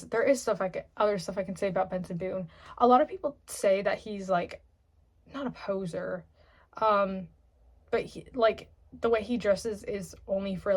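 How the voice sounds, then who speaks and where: A young woman talks through her opinions in a loose, unscripted vlog. She rambles and stops to correct herself, filling her pauses with "um" and "like". Her voice sits at a medium pitch. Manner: rambling, full of "um" and "like", self-correcting. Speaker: vlogger. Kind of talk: casual opinion monologue to camera.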